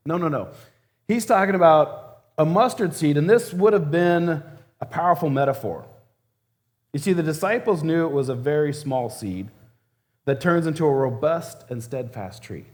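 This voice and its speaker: A man's voice: a little high, animated, normal speed, darkish tone. Conversational male church elder preaching. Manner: conversational and humorous, acts out scenes. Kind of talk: sermon.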